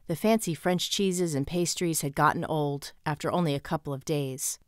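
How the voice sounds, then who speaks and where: A woman narrating a romance audiobook in the first person with an even, storytelling delivery. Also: deep voice, normal speed, no room sound, clean studio sound.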